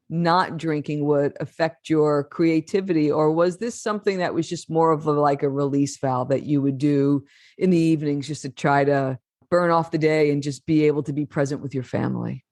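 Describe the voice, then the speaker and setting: A woman's voice: deep voice, moderate pace, a little mellow, no room sound. A woman podcast host asking a guest questions and reflecting back on what she shared in a reassuring, affirming way. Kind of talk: interview conversation.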